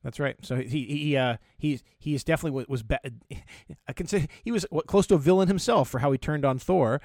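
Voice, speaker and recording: A man co-hosting a casual podcast chat, talking in halting bursts with many stammered restarts. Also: fairly high pitch, a little mellow, dry recording, clean studio sound. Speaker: podcast co-host.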